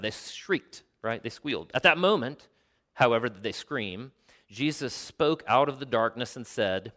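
A pastor delivers a sermon in a mid-range male voice. He tells stories with animation, explains the original Greek, and drops to a quiet, slow delivery for emphasis.

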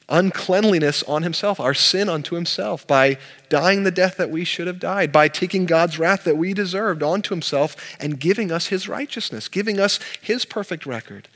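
A man preaching a sermon in earnest, animated delivery, often repeating and restarting words. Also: high-pitched, big-room sound. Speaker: pastor. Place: church.

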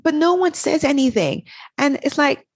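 A woman's voice: high voice, normal speed, dry recording, clean studio sound. A middle-aged woman talking as an interview guest, telling personal stories candidly and acting out the dialogue in them. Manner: animated, acts out dialogue in her stories. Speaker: guest, author. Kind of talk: candid conversational storytelling.

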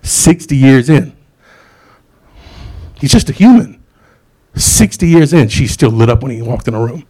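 A man's voice: mid-range voice, normal speed, hardly any pauses, mellow. Guy preaching a sermon, laid back and joking around, middle-aged. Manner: casual, conversational preaching with asides and jokes.

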